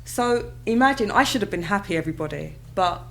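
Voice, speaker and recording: A woman in her thirties, an interview guest telling her own story in a candid, conversational way, breaking into high excited exclamations as she recalls moments. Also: brisk, gravelly, soft background music, low-quality recording. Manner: animated, bursts into high excited exclamations and laughter when retelling moments.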